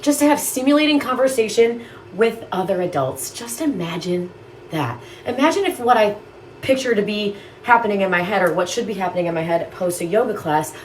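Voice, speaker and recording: Woman, twenties, casual rant, exasperated, profane, mid-pitched, noisy phone audio. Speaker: content creator.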